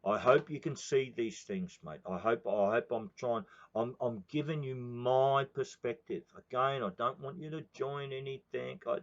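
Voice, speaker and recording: A man's voice: mid-range voice, normal speed, few pauses. An older man with an Australian accent rants in a profane, rambling monologue, tacking "mate" onto nearly every sentence. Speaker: political commentator. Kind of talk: ranting monologue. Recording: dull lo-fi recording.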